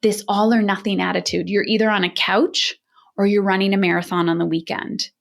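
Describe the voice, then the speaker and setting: A woman's voice: mid-range voice, flat delivery, a little fast, vocal fry. A woman parenting coach speaks in a podcast interview with a mid-range voice. She talks straight and emphatically, in the way of someone used to telling people hard truths.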